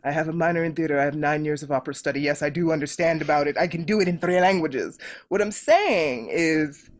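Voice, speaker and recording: A middle-aged woman appears as a podcast guest in a political conversation, talking fast in a low-pitched voice. She's emphatic and animated, hammering her points home through repetition.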